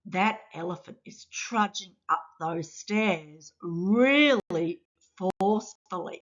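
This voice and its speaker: A woman teacher narrating a children's story aloud in a clear, expressive way. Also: medium pitch, slow. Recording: dull lo-fi sound.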